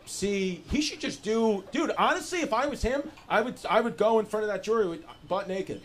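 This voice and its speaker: In a noisy live club recording, a young stand-up comic works the crowd loosely and profanely, chuckling through his bits. His voice sits high and sounds animated, at a moderate pace.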